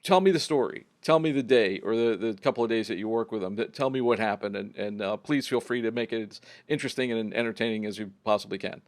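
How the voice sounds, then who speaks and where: A man's voice: on the low side, fast, few pauses. A man hosting a podcast interview over a video call, asking loose, prompting questions. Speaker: podcast host. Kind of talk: casual interview.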